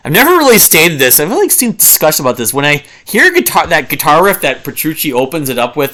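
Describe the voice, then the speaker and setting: Man, forties, music reviewer; bright, forward tone, rambling and enthusiastic, hums riffs. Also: a little high, big pitch swings, fast, few pauses. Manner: rambling and enthusiastic, many fillers and restarts; hums and sings riffs to illustrate. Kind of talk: casual album review monologue.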